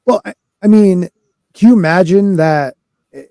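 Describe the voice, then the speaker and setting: A man's voice: high voice, moderate pace, gravelly, warm tone, no echo, clean studio sound. A man hosting a casual podcast chat, loose and talkative, greeting live chat viewers as he goes. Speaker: podcast host.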